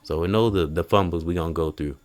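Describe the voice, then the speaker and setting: A man hosting a casual podcast, telling stories in an animated way and acting out quotes. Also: low-pitched, quick pace. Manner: animated storytelling, acts out quotes. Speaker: podcast host.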